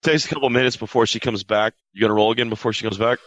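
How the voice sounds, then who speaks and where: A man running a tabletop game as game master, narrating haltingly with restarts. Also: fairly low pitch, fairly even intonation, a bit bright, no room sound. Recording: dull, dry sound.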